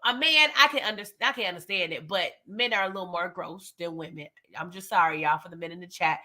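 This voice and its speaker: A woman hosting a casual TV recap and review. She is animated and slangy, and talks straight to her viewers. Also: on the low side, fast. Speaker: TV recap host.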